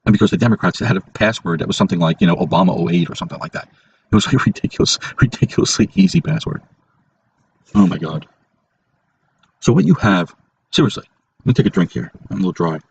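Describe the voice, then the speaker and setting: Emphatic man, low voice, lo-fi recording. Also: lively intonation, fast talker, creaky, long pauses, a little hiss or hum. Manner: emphatic, repeats himself for stress. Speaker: podcast host. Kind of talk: casual political monologue.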